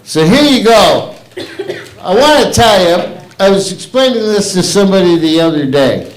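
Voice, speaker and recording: Hosting an open mic stand-up night from a theater's comedy stage, this man is crude, meandering and quick to mock himself over the stage mic. He has a high, expressive voice at a moderate pace, captured in an echoey live room.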